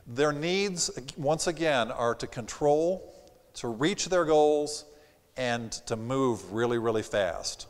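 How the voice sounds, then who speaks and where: A man's voice: mid-range voice, slow. Man giving a seminar in a reverberant theater. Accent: slight Southern. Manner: animated, acts out quoted customers. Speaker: sales trainer. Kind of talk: live seminar presentation. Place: theater stage.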